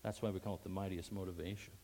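A man preaching a sermon emphatically, repeating phrases and swinging between loud stressed words and quiet asides. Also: low voice, level tone, rapid-fire. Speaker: pastor.

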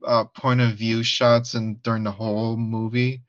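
A man's voice: lowish voice, level tone, unhurried, no echo. Hesitant american guy cohosting a movie podcast, muffled lo-fi mic, dry room. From United States. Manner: hesitant, laughs often. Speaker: podcast co-host. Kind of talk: casual movie review chat.

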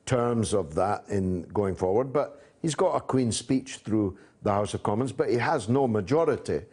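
A man hosting a political interview, asking long, measured questions broken up by frequent "uh" pauses. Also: fairly low pitch, expressive, darkish tone, breathy edge. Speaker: host.

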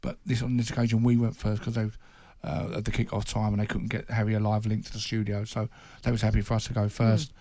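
A man's voice: on the low side, little pitch movement, fast talker, hardly any pauses, warm tone, no echo. A man, a football journalist, telling anecdotes in casual chat and laughing at his own impressions.

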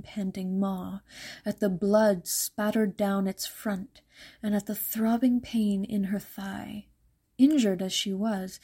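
Mellow, husky woman telling a fairytale. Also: mid-range voice. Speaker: storyteller. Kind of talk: fairytale audiobook narration.

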